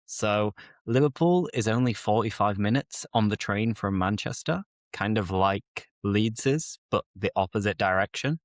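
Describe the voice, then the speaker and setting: A man's voice: on the low side, measured pace, no room sound, studio quality. A young English man hosting a podcast for learners, chatting casually and explaining words with enthusiasm. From England. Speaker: English teacher and podcast host.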